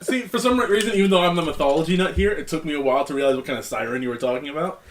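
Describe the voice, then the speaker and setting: A man's voice: a little high, very fast, slight background noise. A young man co-hosting a podcast in casual chat, rambling and stumbling over his words as he explains. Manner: rambling, stammers and restarts when explaining. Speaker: podcast co-host.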